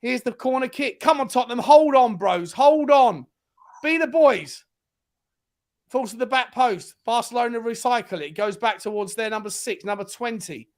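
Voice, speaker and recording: A man hosts a fan show and calls the match live as it unfolds. He is excitable and often yells encouragement or scolding at the players. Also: extremely high pitch, moderate pace. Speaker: host of a football fan show. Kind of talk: live match watch-along commentary.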